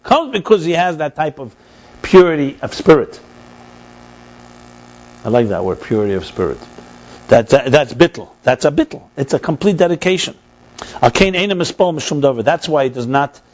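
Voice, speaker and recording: Animated rabbi teaching a text class. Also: male voice, a little high, muffled recording. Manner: animated, repeats and restarts words, mixes in Hebrew terms. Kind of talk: text study lesson.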